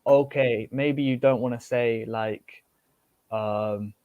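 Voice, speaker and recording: A man's voice: mid-range voice, steady tone, slow pace, dry recording, phone-quality sound. A man with an English accent chatting loosely as a podcast guest, often tossing in "you know". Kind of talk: casual podcast chat.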